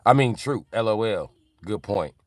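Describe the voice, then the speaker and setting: A man streaming live and reading chat aloud, in loose, animated, profane banter with frequent laughter. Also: fairly low pitch, normal speed, dry recording.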